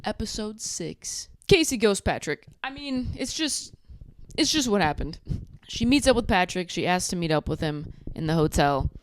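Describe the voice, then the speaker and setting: A young woman recapping a reality show in a sarcastic, animated way, acting out what people said. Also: mid-range voice, moderate pace, background noise. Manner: sarcastic, animated, acts out quotes. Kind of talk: casual recap commentary.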